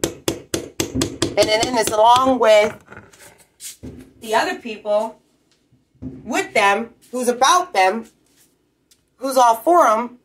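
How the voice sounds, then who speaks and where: A woman's voice: fairly high pitch, lively intonation, takes it slowly, long pauses, fairly bright tone. A woman ranting bluntly and profanely in a rambling, off-the-cuff vlog. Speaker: vlogger. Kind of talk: profane rambling rant to camera. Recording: noisy recording with clicks.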